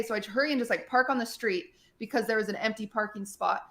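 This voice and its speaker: A woman streamer in casual chat, telling a story in an animated way, full of fillers and acted-out quotes. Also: a little high, quick pace, few pauses.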